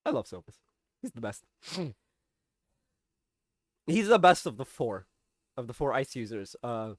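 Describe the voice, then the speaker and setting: A man's voice: mid-range voice, no room sound, clean studio sound. A man casually recapping and reviewing a TV episode, chatty, often tagging on "right?" and swearing now and then.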